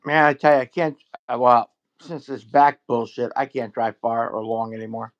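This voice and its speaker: A man's voice: mid-range voice, steady tone, normal speed, dull audio. A man chatting casually, blunt and swearing freely, mostly giving short replies. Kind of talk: casual chat.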